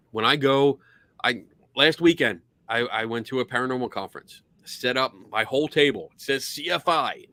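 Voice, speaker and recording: Male podcast host, mid pitch, chatty storyteller, dry close mic. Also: no room sound. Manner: animated storytelling, acts out quotes. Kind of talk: casual podcast chat.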